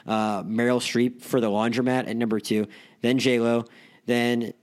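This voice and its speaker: A man's voice: mid-range voice, level tone, normal speed. A young man talks through movie awards chatter in a loose, rambling way. He piles on fillers and restarts his sentences as he goes. His voice sits in an ordinary middle range. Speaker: podcast host. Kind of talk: casual film podcast chat.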